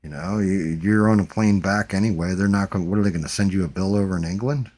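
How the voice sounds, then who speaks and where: A man's voice: low-pitched, fairly even intonation, quick pace, a little mellow. A man hosting a livestream, talking in loose, rambling casual chat and swearing freely. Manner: rambling, swears freely, slips into mock voices. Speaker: livestream host.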